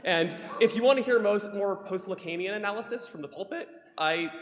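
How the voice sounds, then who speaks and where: Earnest speaker in an echoey church hall. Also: male voice, high-pitched. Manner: earnest, measured delivery with dry humor. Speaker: lay speaker giving a reflection. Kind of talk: prepared talk from the pulpit. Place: church sanctuary. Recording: echoey hall with long reverb.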